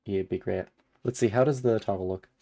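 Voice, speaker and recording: Deep-voiced male streamer reading aloud. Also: fairly quick. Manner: animated, exasperated asides. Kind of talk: reading a visual novel aloud with live commentary.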